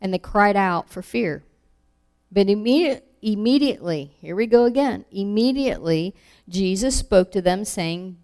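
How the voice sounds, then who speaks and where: A woman teaching a Bible lesson, reading verses aloud and acting out the quoted lines with animated emphasis. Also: mid-range voice, moderate pace. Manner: animated, acts out scripture quotes.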